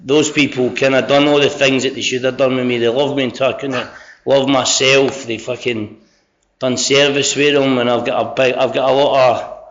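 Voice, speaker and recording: A man's voice: medium pitch, level tone, moderate pace, fairly bright tone. A middle-aged Scottish man with a Scottish accent giving a candid, sweary, self-mocking personal share about recovery at a convention. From Scotland. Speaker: speaker sharing recovery story at a convention. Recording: dull lo-fi convention recording.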